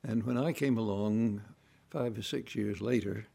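A man telling family stories in a relaxed, folksy way, acting out voices and sounds as he goes. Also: lowish voice, measured pace, creaky. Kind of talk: relaxed anecdotal storytelling.

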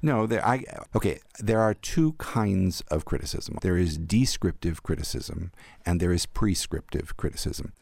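An older man, an arts critic, recalling theater memories in a thoughtful, animated interview. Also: sits low, moderate pace, vocal fry, no echo. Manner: thoughtful, warmly animated storyteller. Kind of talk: reflective storytelling in an interview.

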